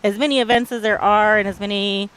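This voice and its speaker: A woman's voice: medium pitch, fairly even intonation, fast, a bit bright, smooth. A woman from Oklahoma, a sponsor's representative, chatting playfully at an outdoor event. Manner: laughing, playful, brief replies. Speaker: credit union sponsor representative. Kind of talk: casual chat. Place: outdoor parking lot event.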